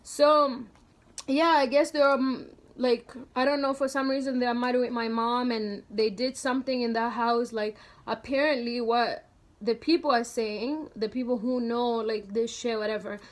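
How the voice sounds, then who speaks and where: A young woman vlogger casually telling a story, animated and slangy, with lots of "like" fillers. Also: fairly high pitch, a little slow.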